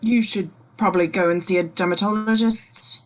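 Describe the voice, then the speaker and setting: A woman's voice: mid-range voice, fairly even intonation, moderate pace, natural voice. A woman reading the part of a curt, detached man in an amateur script reading.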